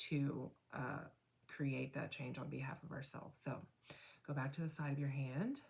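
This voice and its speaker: Leading a tapping meditation, a woman speaks slowly and soothingly, frequently asking "right?" and sinking into a breathy whisper for the affirmations. Her voice is low-pitched and warm.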